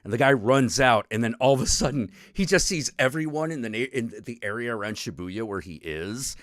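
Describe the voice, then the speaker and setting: Animated male streamer telling a story. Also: mid-range voice, fairly quick, no echo, studio quality. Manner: animated storytelling, frequent swearing and restarts. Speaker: stream show host. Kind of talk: casual chat, retelling a video game.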